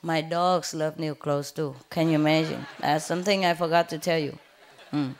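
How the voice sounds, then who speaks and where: A woman's voice: low-pitched, fairly even intonation, moderate pace, a little hiss or hum. A woman spiritual teacher giving an informal talk, chatty and rambling, telling personal stories and laughing often. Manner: rambling with frequent fillers and restarts. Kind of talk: informal lecture with personal anecdotes.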